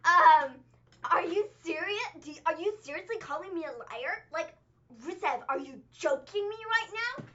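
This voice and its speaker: A woman doing a mocking impression of an indignant female wrestler who shouts accusations. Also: lively intonation, normal speed, exaggerated voice. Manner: shrill, mocking exaggeration. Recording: slightly dull lo-fi recording.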